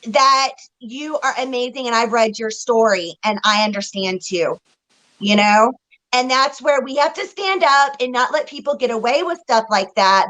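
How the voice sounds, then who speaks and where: A woman's voice: fairly high pitch, a bit bright, slight background noise, poor audio. A woman co-hosting a psychic reading livestream, talking emotionally and directly to the chat viewers. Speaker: psychic reader and co-host.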